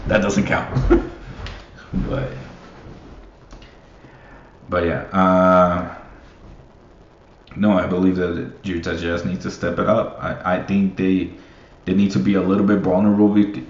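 Slow, low-voiced young man ranting. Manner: profane, rambling, laughs often. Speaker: basketball fan. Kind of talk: casual solo commentary. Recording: roomy, muffled, faint hiss.

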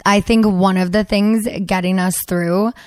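A woman in her thirties hosts a casual podcast, telling stories animatedly with plenty of fillers. Her voice sits at a middle pitch. The sound is dry, with no room around it. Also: measured pace, dry recording. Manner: animated storytelling, lots of fillers. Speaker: podcast host. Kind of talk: casual chat with ad read.

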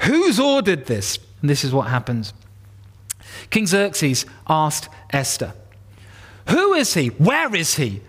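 A man preaching a sermon, retelling a Bible story with animated, acted-out character lines. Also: fairly high pitch.

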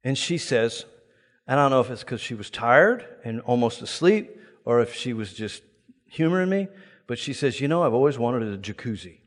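A man preaching a sermon, telling a personal story with lively bursts of loud exclamation and laughter before a congregation. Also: medium pitch, normal speed. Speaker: pastor. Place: large church hall before a live congregation. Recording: long reverb of a large hall.

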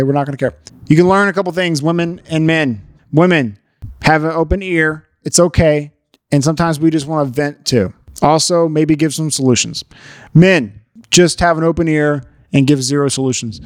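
Man, comedic rant, profane and exasperated, lecturing, fairly high voice, dry sound. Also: moderate pace, no echo.

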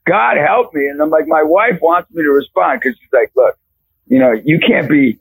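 A man guest on a radio show, giving a fervent faith testimony with raspy storytelling and bursts of shouting. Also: a little high, lively intonation, normal speed, no echo, poor audio.

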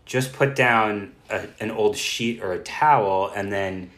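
A man's voice: on the low side, measured pace, fairly bright tone. A man co-hosting a travel podcast in casual chat, self-deprecating and laughing often. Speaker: podcast co-host. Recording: roomy echo.

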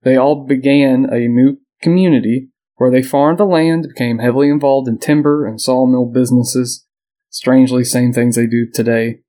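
He has a mid-range voice and a moderate pace, co-hosting a podcast where he recounts history informally. Fillers and small laughs come often in his relaxed storytelling.

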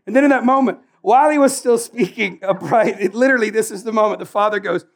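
A man preaching a sermon in a casual, animated way, joking and acting out Bible characters. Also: high-pitched, fast, gravelly.

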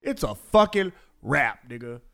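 A young man hosting a casual podcast chat, loud and profane, breaking into high yelling impressions. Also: sing-song, measured pace, creaky.

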